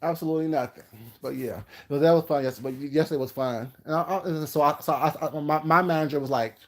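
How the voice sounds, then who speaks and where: A man's voice: on the high side, fast talker. Rambling, sassy man telling stories. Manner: rambling, jumps between topics; brash, sassy and self-assured. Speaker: food vlogger. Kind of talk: casual storytelling to camera.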